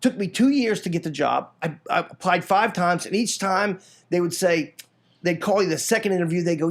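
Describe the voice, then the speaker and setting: A middle-aged man from Florida recounts his past in a loose, rambling interview style. His voice sits high for a man, and he leaps into other people's lines with raised, animated delivery, often stumbling and restarting mid-sentence. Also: normal speed. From Florida, United States. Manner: frequent restarts and repeated words. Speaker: guest telling his life story. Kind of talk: casual storytelling.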